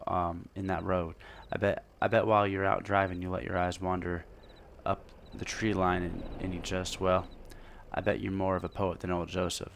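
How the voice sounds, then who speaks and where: A man's voice: low-pitched, gravelly, slight background noise. A man voicing a folksy, chatty older male gas station owner with a put-on drawling country voice. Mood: friendly.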